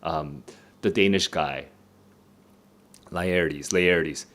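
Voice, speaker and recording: A man's voice: low-pitched, takes it slowly, fairly bright tone. A young man streaming a live read-along of a play, thinking aloud with many fillers and restarts.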